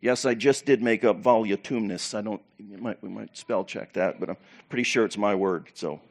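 A pastor preaching to his church, animated and preacherly, with loud bursts and quiet asides. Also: lowish voice, normal speed. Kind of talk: sermon.

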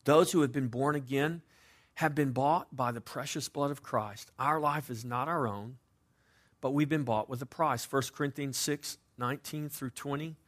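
A man preaching a sermon as pastor, with dynamic delivery that moves between loud emphasis and quiet, conversational asides. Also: medium pitch, moderate pace. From United States.

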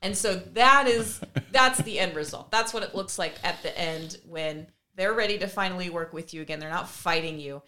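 A woman co-hosting a podcast, telling a parenting story in a casual, animated way and acting out the conversations. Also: on the low side, normal speed, hardly any pauses, a little hiss or hum. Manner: animated, acts out remembered conversations with laughs. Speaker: podcast co-host and mother.

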